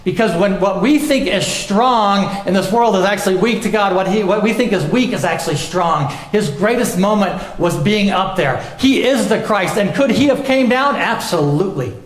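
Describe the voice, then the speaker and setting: A young adult man delivers a sermon from the pulpit in a high, light voice. He presses hard on his questions and sinks to a hush for his key points. The church sanctuary gives his words a roomy echo. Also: lively intonation, moderate pace, hardly any pauses. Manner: emphatic preaching, dropping low and soft on key lines. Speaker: pastor. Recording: echoey church room.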